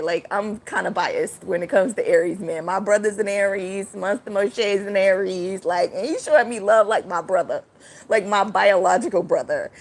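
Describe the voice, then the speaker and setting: A woman hosting a casual livestream, rambling and chatty, breaking off to greet viewers with sudden high exclamations. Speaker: livestream host.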